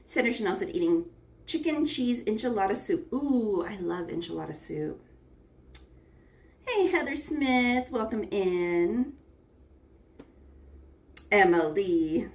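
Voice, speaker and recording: Slow and expressive with frequent pauses, her somewhat high voice leads a casual cooking livestream from the United States. She greets viewers individually by name, recorded at a distance on a phone's front camera.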